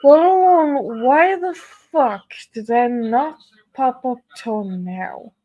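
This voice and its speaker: A woman's voice: fairly high pitch, big pitch swings, slow, no echo, narrow, tinny audio. A young woman chatting casually on a live stream, swearing constantly and exclaiming in disbelief.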